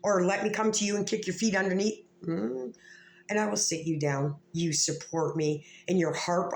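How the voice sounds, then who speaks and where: A woman's voice: on the low side, fairly even intonation, normal speed, creaky. Profane, furious woman ranting to camera. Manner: profane, heated and confrontational. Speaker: vlogger. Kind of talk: angry rant to camera. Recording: echoey room with faint ambient noise.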